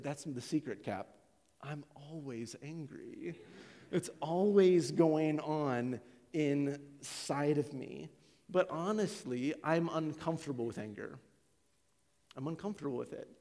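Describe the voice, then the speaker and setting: A man's voice: fairly high pitch, warm tone. A middle-aged man, a pastor, preaching a candid, confessional personal sermon. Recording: long hall reverb.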